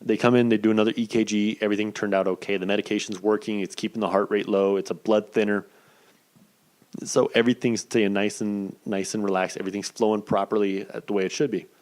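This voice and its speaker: A man in his thirties with a fairly low voice hosts his own podcast and tells a long personal story. He swears freely and talks casually, with plenty of energy. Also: fast. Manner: profane, animated, acts out quoted voices. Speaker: podcast host.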